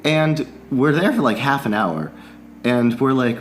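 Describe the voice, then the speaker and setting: A man's voice: medium pitch, measured pace, a little hiss or hum. A man telling a long story in a casual podcast chat, swearing freely and laughing often. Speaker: podcast guest, musician.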